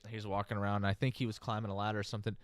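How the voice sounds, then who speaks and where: A young man co-hosting a casual podcast chat, laid-back and slangy, with halting starts. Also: on the low side, flat delivery, no echo. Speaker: podcast co-host.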